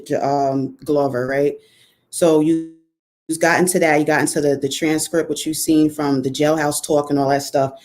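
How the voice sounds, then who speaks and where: A woman panelist on a group call, speaking in a measured, hesitant way with fillers. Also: deep voice, a little mellow, rough recording. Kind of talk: casual call discussion.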